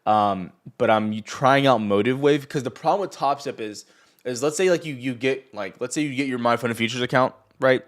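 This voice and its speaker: A man's voice: mid-range voice, normal speed. A man hosting a casual live market chat from home, rambling and joking in a boastful, teasing way. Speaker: livestream host.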